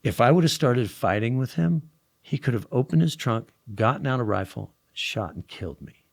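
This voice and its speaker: Young man, average pitch, talking casually and animatedly with long stories, voice sinking low and soft for suspense. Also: moderate pace, gravelly. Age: young adult. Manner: animated storytelling, drifts soft and hushed at tense moments. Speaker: podcast guest. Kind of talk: casual conversation.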